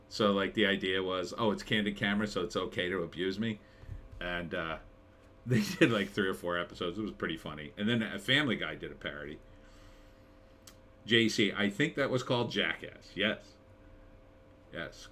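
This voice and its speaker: A man's voice: fairly low pitch, bright, forceful tone. A middle-aged man hosting a casual live stream, rambling and chuckling as he reads viewer comments aloud. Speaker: live stream host reading chat.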